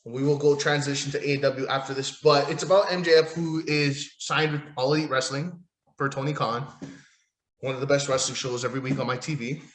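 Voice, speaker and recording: A man's voice: medium pitch, fairly even intonation, a little fast, fairly bright tone, echoey room. A man hosting a solo wrestling podcast, ranting in a profane, sarcastic, rambling way while losing his voice. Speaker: podcast host.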